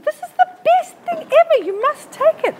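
A woman voicing an eager, clueless female health-shop saleswoman with an insistent sales pitch. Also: very animated, moderate pace, very noisy. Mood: eager pushy.

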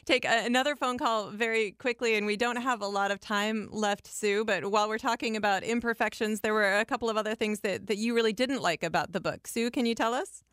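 Smooth-voiced woman hosting call-in radio. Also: fairly high pitch, fairly quick, hardly any pauses, fairly bright tone, dry recording, studio quality. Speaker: radio book show host. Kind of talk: hosting a call-in book discussion.

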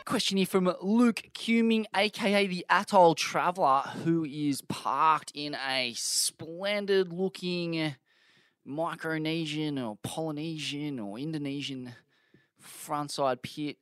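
A man with an Australian accent co-hosting a podcast, telling stories and reading out listener questions in a dry, deadpan way. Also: on the high side, slow pace, clean tone, dry recording. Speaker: podcast co-host. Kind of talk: casual chat.

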